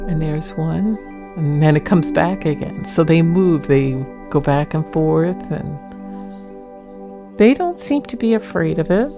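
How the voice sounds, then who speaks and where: Low, gravelly-voiced woman narrating. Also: lively intonation, a little slow, over music. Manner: chatty, rambling, laughs often. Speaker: paranormal vlogger narrating her footage. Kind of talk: casual voice-over narration.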